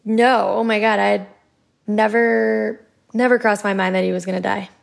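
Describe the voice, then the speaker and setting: A woman interviewed about a loss, retelling events haltingly with many fillers. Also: mid-range voice, flat delivery, gravelly. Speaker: bereaved wife interviewed. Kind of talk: recounted interview testimony.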